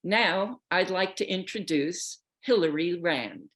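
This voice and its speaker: A woman's voice: on the low side, takes it slowly, a bit bright. An older woman reading the end of her personal story aloud on stage, then introducing the next speaker.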